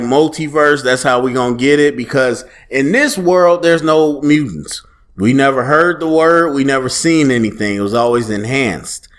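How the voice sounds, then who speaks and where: A man giving a casual solo review of a TV episode, talking loosely and animatedly and quoting lines as he goes. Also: mid-range voice. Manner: conversational, animated, quotes dialogue in a loose relaxed tone. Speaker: TV show reviewer.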